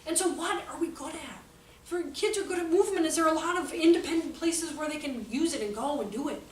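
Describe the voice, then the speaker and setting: A woman with a high voice talks to a room of teachers, chatty and quick to joke at her own expense. She sounds far from the mic, with a roomy echo and a faint hiss of background noise. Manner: chatty, joking, self-mocking, lively storytelling. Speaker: workshop presenter for teachers. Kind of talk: informal teaching talk.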